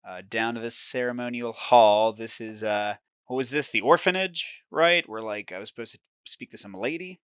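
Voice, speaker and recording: A man's voice: mid-range voice, sharp tone, clean tone, dry recording. A man hosting a board game playthrough, reading the horror story text dramatically and chatting casually about his moves. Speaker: board game channel host.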